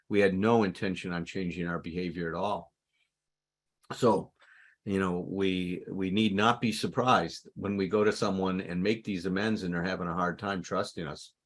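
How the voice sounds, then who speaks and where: A man co-presenting a recovery talk, explaining amends in an earnest, conversational teaching manner. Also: lowish voice. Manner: earnest, acts out insincere apologies animatedly.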